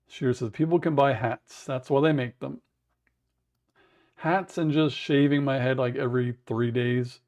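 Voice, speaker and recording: A man with a raspy voice, chatting in a rambling way to viewers on a livestream from home, humming to fill the wait. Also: mid-range voice, steady tone, moderate pace, darkish tone. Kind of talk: casual livestream chat. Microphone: wearable mic.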